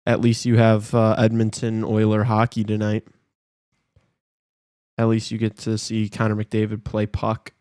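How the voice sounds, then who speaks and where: A man's voice: on the low side, measured pace, clean tone, no echo, studio quality. Casual man chatting over a hockey game. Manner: loose banter with sudden excited outbursts. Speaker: podcast co-host. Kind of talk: casual live game-watch chat.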